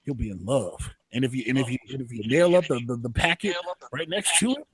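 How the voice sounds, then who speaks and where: A man's voice: medium pitch, brisk, a crowd in the background. A man co-hosting a podcast in casual chat, rambling and slangy, repeating himself. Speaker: podcast co-host.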